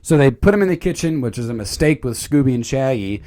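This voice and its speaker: A man casually rambling through a cartoon movie review, animated, with filler words and mild swearing. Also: medium pitch, quick pace. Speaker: channel host.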